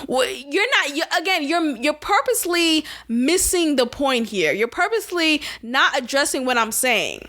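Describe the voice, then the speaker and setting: Speaking at a normal speed with few pauses, this podcast co-host, a young woman, keeps her commentary casual and lively. She sounds high, bright, and forceful, laughing easily and leaning on sarcasm.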